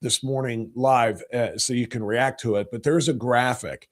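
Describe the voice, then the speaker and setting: A man's voice: medium pitch, fairly even intonation, moderate pace. Rambling, opinionated man hosting a podcast. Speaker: podcast host. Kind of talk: casual political commentary livestream.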